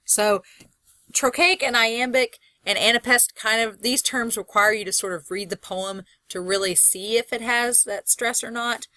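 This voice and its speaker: Bright-voiced woman lecturing casually. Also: fairly high pitch, fairly even intonation, dry recording. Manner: conversational, thinking aloud, drawn-out example words. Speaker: college literature instructor. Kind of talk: recorded lecture walkthrough.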